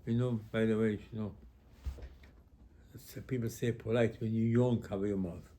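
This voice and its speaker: A man, a rabbi, giving an informal Torah class in halting phrases, full of rhetorical questions. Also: fairly low pitch, steady tone, warm tone. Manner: conversational, asks rhetorical questions.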